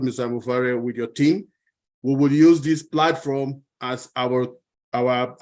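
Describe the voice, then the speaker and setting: A man's voice: medium pitch, darkish tone. Grateful man speaking on a video call. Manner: grateful, earnest. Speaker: webinar participant. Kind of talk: thank-you speech.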